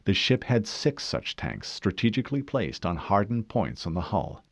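A man reading a novel aloud in measured, expressive scripted narration. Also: fairly low pitch, no echo, clean studio sound. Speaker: audiobook narrator.

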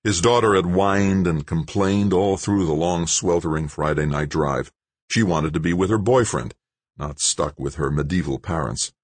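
A man narrating a thriller audiobook in a steady, measured voice. His tone sits very low with a husky grain. The recording is dry, with no room sound. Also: no echo.

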